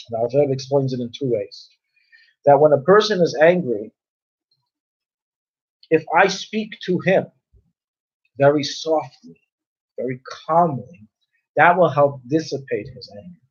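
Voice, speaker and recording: A man teaching a conversational Torah class, explaining with everyday examples and often repeating and restarting his phrases. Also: a little high. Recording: dull lo-fi recording.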